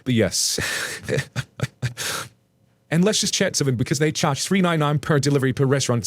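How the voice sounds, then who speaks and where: A man's voice: a little high, expressive, moderate pace, pauses often, no room sound, clean studio sound. A British man casually reading out and joking about online posts, chatty and laughing often. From United Kingdom. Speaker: reddit story reader.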